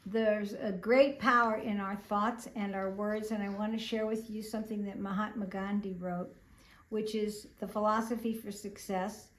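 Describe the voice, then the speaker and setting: A woman's voice: medium pitch, level tone, moderate pace. Woman sharing earnest self-help talk, roomy. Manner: earnest, reflective storytelling with fillers. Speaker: host. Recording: roomy echo.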